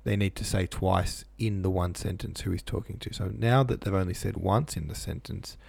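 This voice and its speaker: Low gravelly man reading a novel aloud. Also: steady tone, moderate pace, a little mellow, no echo. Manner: offhand, says "like" a lot. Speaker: reader.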